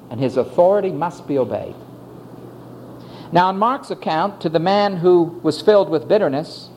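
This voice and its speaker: Slow, lively-pitched male preacher. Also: a little hiss or hum, rough recording. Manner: emphatic, swings between soft and loud. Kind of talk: sermon. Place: church building.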